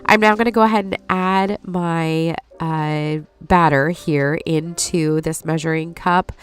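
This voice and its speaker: A lifestyle host in her forties chats viewers through a recipe in a casual voice-over, her voice stuffy and nasal from allergies. She's warm and apologetic with friendly asides, speaking a little slowly in a low, smooth voice with fairly even intonation, over soft background music.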